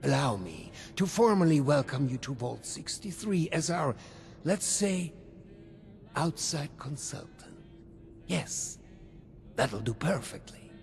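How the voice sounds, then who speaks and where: Gravelly old German-accented ghoul overseer, silky and scheming, swings wide in pitch. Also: male voice, big pitch swings, slow pace, pauses often, darkish tone, soft background music, heavily acted. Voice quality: gravelly, breathy half-whisper. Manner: silky, theatrical, faintly menacing. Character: old male ghoul vault overseer, smooth scheming businessman.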